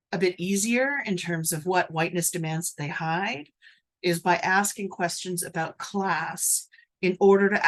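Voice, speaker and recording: A woman on a webinar, speaking in a reflective, academic way. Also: lowish voice. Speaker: webinar presenter. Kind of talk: webinar discussion.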